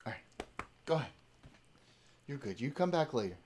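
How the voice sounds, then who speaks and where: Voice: medium pitch, sing-song, moderate pace, background noise. A livestreamer in casual chat, heavy on fillers, who slips into cooing baby talk with a pet.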